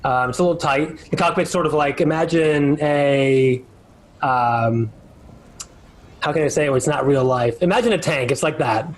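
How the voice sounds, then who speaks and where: A man's voice: on the high side, moderate pace, slight background noise, low-quality recording. A man narrating a live tabletop game as dungeon master, describing scenes in a rambling way with many fillers.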